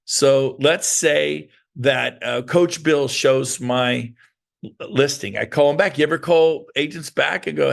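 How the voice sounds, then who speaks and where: A middle-aged man giving a lively sales talk as a real estate coach, acting out both sides of phone calls with agents. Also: mid-range voice, measured pace, creaky. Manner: animated, plays both sides of dialogues.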